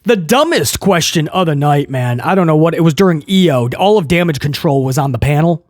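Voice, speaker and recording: A man hosting a casual wrestling podcast, ranting in an animated, incredulous way. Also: a little high, fairly quick, dry recording, studio quality. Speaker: podcast host.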